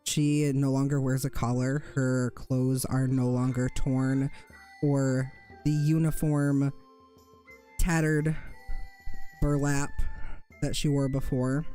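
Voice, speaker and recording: A game master narrating a tabletop fantasy game in a descriptive way, pausing to correct themselves now and then. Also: medium pitch, level tone, mellow, faint music behind. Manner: slow, descriptive, with small self-corrections.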